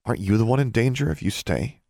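A man's voice: mid-range voice, animated, quick pace, vocal fry, warm tone, dry recording, studio quality, pitched above the performer's own voice. A man voicing an earnest, stubborn teenage girl who pleads and teases in a storybook reading.

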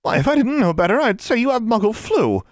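A man voicing a fussy, sharp-tongued middle-aged witch nurse in an audiobook. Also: very high voice, very animated, brisk, no echo, clean studio sound, pitched above the performer's own voice. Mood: indignant. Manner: sharp, fussing.

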